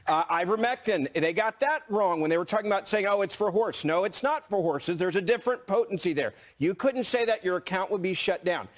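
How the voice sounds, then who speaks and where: A man's voice: high voice, animated, fairly quick, hardly any pauses. A man speaking as a panel guest, emphatic, hammering points with repetition. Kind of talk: opinion panel talk.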